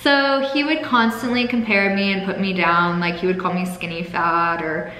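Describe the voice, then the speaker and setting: A young woman with a lowish voice tells a painful story from her own life, frank and emotional, with swearing and a fight against tears. Her voice rings in an echoey room with a long reverb tail and faint noise underneath. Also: normal speed, few pauses, sharp tone. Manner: candid, emotional, swears freely. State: holding back tears. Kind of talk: personal storytelling.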